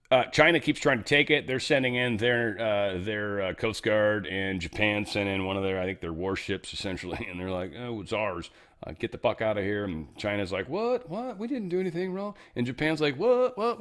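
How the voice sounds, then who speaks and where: This host's voice sits fairly low and carries a fairly bright tone. On his casual news commentary show he rambles sarcastically, swears occasionally, and slips into mock voices.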